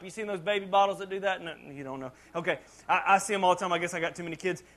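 A pastor preaching a conversational sermon, often restarting and repeating words, with dramatic rises when reading scripture. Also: male voice, high voice, fast talker, hardly any pauses, a bit bright.

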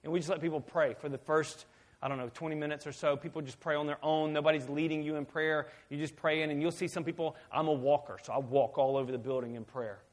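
A man preaching a sermon as pastor, swinging from hushed, intimate talk to loud, emphatic shouting. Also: on the high side, steady tone, fast talker.

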